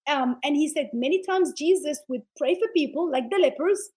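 A woman's voice: sits high, moderate pace, a little mellow, poor audio. A woman who founded a ministry, a guest telling a healing testimony in an interview with passionate, preacher-like delivery. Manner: passionate, preacher-like, acts out quotes.

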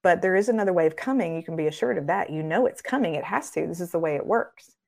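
A woman speaks as a guest on a faith podcast in an earnest, sermon-like way. Her voice sits a little low. She builds her points through rhythmic repetition and acts out quoted voices in a raised tone. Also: lively intonation, fast talker, creaky, darkish tone. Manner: earnest, preacherly, builds in repeated phrases. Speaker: podcast guest, ministry founder.

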